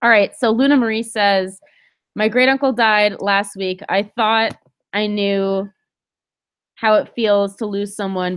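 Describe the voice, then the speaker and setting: A woman's voice: mid-range voice, clean tone. Blunt woman livestream host. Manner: blunt, candid, swears. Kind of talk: casual livestream chat.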